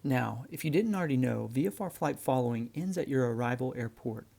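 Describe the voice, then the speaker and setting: Brief: a male flight instructor with a warm, gravelly voice, explaining in an easygoing way. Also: mid-range voice, brisk. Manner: relaxed, friendly explaining, addresses viewers as guys. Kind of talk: instructional narration.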